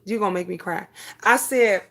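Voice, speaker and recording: Woman, 50s, live-stream host. Relaxed chat, answers viewers, average pitch. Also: normal speed, creaky. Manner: chatty, reads viewer comments aloud and answers them.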